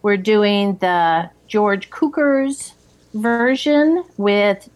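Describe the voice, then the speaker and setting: A middle-aged woman hosting a podcast, chatting in a lively, laughing, expressive way. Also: medium pitch, extremely slow. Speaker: podcast host. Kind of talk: casual chat.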